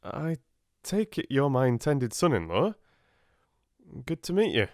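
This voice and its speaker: A man's voice: mid-range voice, very animated, measured pace, darkish tone, no echo, studio quality, pitched above the performer's own voice. A man doing a wry, easygoing middle-aged father. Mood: mild. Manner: mild, wry. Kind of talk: audiobook character voice.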